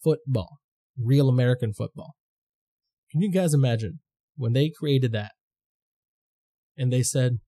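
Brief: young male podcast host from the Philippines, swears freely, mellow warm tone, animated. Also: mid-range voice, moderate pace, pauses often, husky. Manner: profane, animated storytelling with quoted voices. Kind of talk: casual chat.

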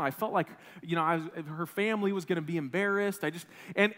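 High-voiced pastor preaching in a reverberant hall. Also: male voice. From Wisconsin. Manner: animated storytelling, self-deprecating, frequent restarts. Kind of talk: sermon with personal story. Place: church sanctuary. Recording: long reverb of a church hall.

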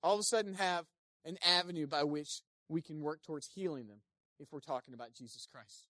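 A pastor preaching a sermon, animated, swinging between loud emphasis and quiet asides, and acting out the people quoted. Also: medium pitch, fairly quick, no room sound, clean studio sound. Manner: acts out quoted speakers in playful voices.

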